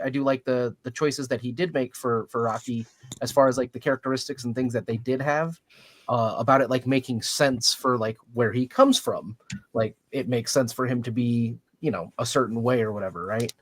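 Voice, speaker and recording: A man chatting casually about a book, rambling with lots of fillers and agreeing often. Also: medium pitch. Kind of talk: casual book club chat.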